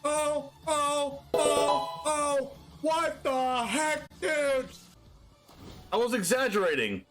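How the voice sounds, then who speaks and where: An excitable man calls out his card game plays live on stream, often shouting and breaking into laughter. His voice sits very high and swings widely in pitch, and he draws out his words slowly. Faint music plays underneath.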